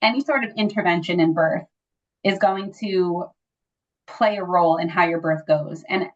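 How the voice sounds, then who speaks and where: Chatty woman telling a story, lo-fi sound. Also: medium pitch. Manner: chatty, frequent "like" and "you know" fillers; animated when acting out quoted dialogue. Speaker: interview guest sharing a birth story. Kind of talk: casual conversational storytelling. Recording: slightly dull lo-fi audio.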